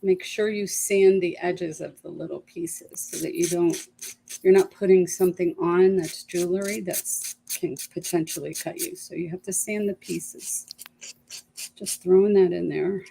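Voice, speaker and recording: A woman's voice: fairly low pitch, fairly even intonation, measured pace, gravelly, dark tone, slight background noise. A woman co-hosting a craft chat, talking through her work and giving tips as she goes. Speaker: craft show co-host. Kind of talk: casual chat while crafting.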